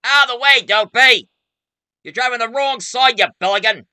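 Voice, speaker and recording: A man voicing a rowdy male outback bushman who yells loudly at drivers in a high, strained voice. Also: moderate pace, smooth, dry recording, studio quality, exaggerated voice. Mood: yelling. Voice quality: loud, high shouting.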